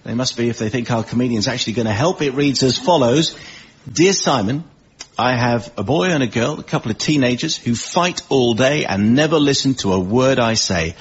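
A man hosting a comedy panel, reading a listener letter in a brisk, mock-formal way. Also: medium pitch, lively intonation, husky. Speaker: panel show host. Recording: dull radio sound with background noise.

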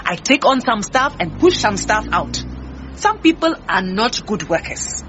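An actress playing an indignant, defensive head cook in a radio drama. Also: female voice, mid-range voice, big pitch swings, a little slow, fairly bright tone, muffled recording, soft background music. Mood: brusque. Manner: brusque, indignant.

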